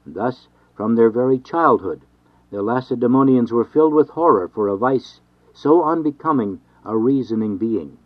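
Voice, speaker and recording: A man reading an old devotional text aloud in a measured, formal way. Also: mid-range voice, animated, dry recording. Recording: dry, dull lo-fi recording.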